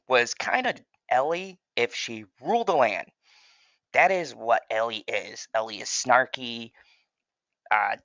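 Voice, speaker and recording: A man's voice: mid-range voice, creaky, sharp tone, no echo, dull audio. A man hosting his own channel, giving a casual spoken TV review in a profane, emphatic and passionate way. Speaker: TV show reviewer and channel host.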